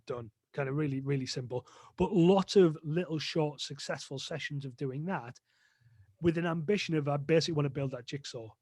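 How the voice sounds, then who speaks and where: A man's voice: a little high, darkish tone, no room sound, studio quality. A man talking as a guest on a podcast, explaining dog training in a chatty way with lots of fillers. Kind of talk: casual podcast interview.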